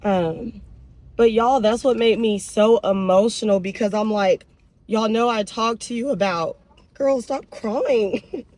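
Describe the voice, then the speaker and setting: In a medium-pitched, unhurried voice with no echo, a young woman vlogs casually from her car during a drive-thru run. Chatty and emotional, she animatedly addresses her viewers as y'all while vehicle noise hums in the background.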